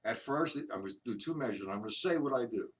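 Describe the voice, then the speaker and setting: Loud noise and a distant mic color this recording of a man giving a live-streamed drum lesson. At a medium pitch and in an animated manner, he counts beats aloud with slow patience, demonstrates rhythms, and explains every exercise.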